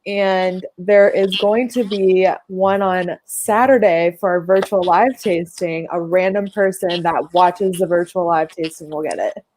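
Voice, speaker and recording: A woman's voice: medium pitch, a little mellow, poor audio. A woman co-hosting a casual livestream, giving brief, matter-of-fact updates.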